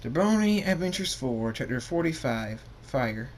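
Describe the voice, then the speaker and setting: A man reading his own fan story aloud, halting and restarting often. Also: medium pitch, very animated, slight background noise.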